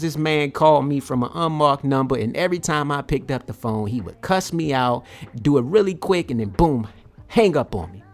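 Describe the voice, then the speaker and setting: A man hosting a podcast, telling a story in a casual, animated way and repeating words as he gets going. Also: a little high, normal speed. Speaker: podcast host.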